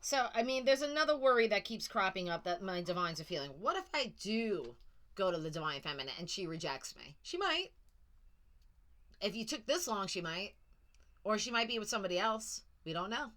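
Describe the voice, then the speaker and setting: Tarot reader, female, bright tone, blunt and sassy delivery. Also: mid-range voice, expressive, fairly quick. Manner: blunt, sassy, swears casually. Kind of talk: casual psychic reading monologue.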